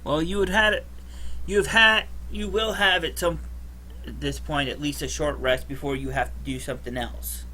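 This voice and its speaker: A man's voice: fairly high pitch, steady tone, normal speed, bright, forceful tone, a little hiss or hum, rough recording. A man acting as game master for a tabletop game, hesitant, with many restarts.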